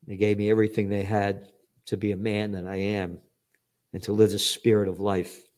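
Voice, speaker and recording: An older man giving an indignant, profane commentary monologue, swinging from loud outbursts to low muttering. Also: little pitch movement, normal speed. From United States.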